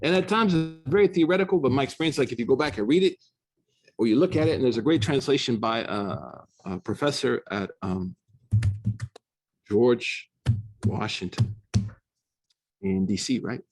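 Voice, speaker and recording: An American man giving a casual classroom lecture on religious texts, animated and slangy, switching into quick recitation. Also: medium pitch. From United States. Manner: fast, slangy, animated storytelling with Arabic recitation. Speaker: Islamic studies teacher. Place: university classroom.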